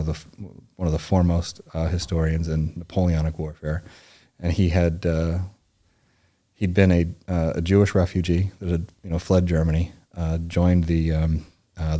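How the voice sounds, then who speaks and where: Interview guest, man in his forties, from Indianapolis: low, warm voice, halting storyteller. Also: flat delivery. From Indianapolis, United States. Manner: rambling, halting, full of restarts and fillers. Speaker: podcast guest, former Navy SEAL and historian.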